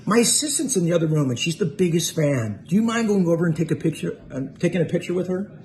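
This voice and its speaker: A man's voice: a little high, lively intonation, quick pace, a little mellow, close to an everyday voice. A man quoting a sweet, gracious female star. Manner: sweet, polite.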